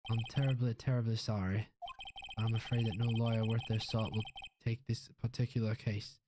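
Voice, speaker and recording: A man's voice: fairly low pitch, flat delivery, normal speed, background noise, natural voice. A man putting on a pompous old Southern lawyer. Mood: apologetic. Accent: put-on Southern US. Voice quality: drawling, throat-clearing, stammering excuses. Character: pompous older male lawyer, evasive and blustering.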